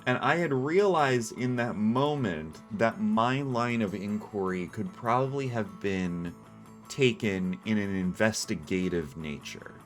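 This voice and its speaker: Male streamer, low voice, faint music behind, rambling anecdotal delivery on earbud mic. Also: expressive, a little slow. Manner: rambling, self-interrupting storyteller with frequent laughs. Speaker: livestream host. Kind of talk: casual chat over a game stream. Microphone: earbuds with headset mic.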